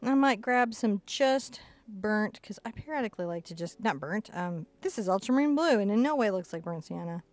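A woman's voice: medium pitch, animated, normal speed, darkish tone. Playful woman teaching painting. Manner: chatty, playful, talks to herself while painting. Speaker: acrylic painting instructor. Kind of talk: casual step-by-step painting lesson.

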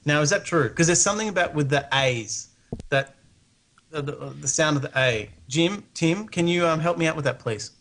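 An Australian man rambles through a curious question on a call, stopping and restarting often. His voice sits a little higher than most men's. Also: lively intonation, moderate pace, a bit bright, slight background noise. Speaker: guest caller. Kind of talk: casual live-stream chat.

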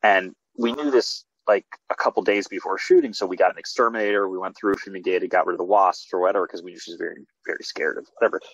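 A man, a filmmaker guest, telling stories in a casual video-call interview with animated restarts. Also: deep voice, fast talker, few pauses, husky, no room sound. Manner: animated storytelling with many restarts. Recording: dull lo-fi video call audio.

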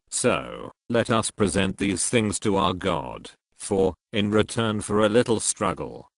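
A man reading a religious text aloud in a measured, solemn way. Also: on the low side, dry recording, clean studio sound. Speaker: reader. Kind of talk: audiobook narration.

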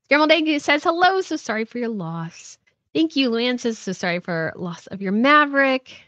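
A woman's voice: fairly high pitch, sing-song, normal speed, fairly bright tone, no echo. Brief: female livestream host, chatty and rambling, dry and slightly dull sound. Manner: chatty, rambling, reads viewer comments aloud. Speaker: host reading live chat. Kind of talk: casual livestream chat.

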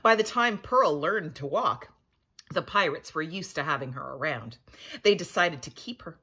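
Breathy expressive woman reading a storybook. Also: sits low, normal speed. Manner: expressive, playful. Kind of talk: storybook read-aloud.

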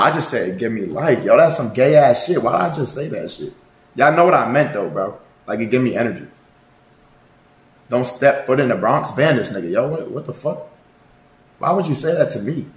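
A man streaming live, chatting casually with his viewers in a loud, profane, joking and rambling way. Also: medium pitch, animated, normal speed. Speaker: livestreamer. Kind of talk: casual livestream chat. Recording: roomy echo.

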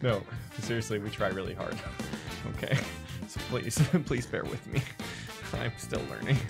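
A man's voice: on the low side, unhurried, creaky, music in the background. A man hosting a game livestream, chatting casually with frequent laughs and joking asides. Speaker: livestream host. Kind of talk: casual game stream chat.

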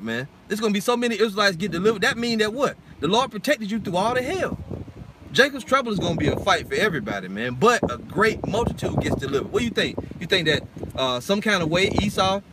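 Fired-up, bright-voiced preacher man. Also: sits high, a little hiss or hum. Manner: heated, blunt and profane, keeps adding "man". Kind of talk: informal sermon with scripture reading.

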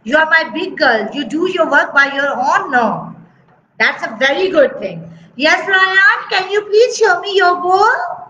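Very high, slow, sing-song woman teacher. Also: animated, bright, forceful tone, slight background noise. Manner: sing-song, praising, slow and exaggerated for kids. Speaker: preschool teacher. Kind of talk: online class for small children. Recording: dull, echoey video-call audio.

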